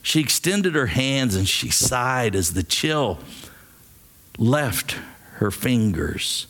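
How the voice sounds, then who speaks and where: A man preaching a sermon, reading a story aloud in a slow, dramatic way. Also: mid-range voice, very animated, fairly bright tone. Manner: slow, dramatic, acts out quoted voices. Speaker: pastor.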